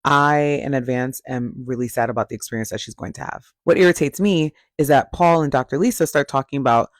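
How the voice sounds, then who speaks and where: A man's voice: mid-range voice, brisk, no echo, studio quality. A man giving a blunt, sassy and profane casual recap of a reality TV show.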